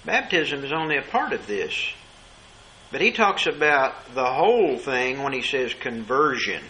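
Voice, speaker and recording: A man preaching a sermon, asking rhetorical questions and slowing down to stress key words. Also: mid-range voice, sing-song, sharp tone, a little hiss or hum, poor audio.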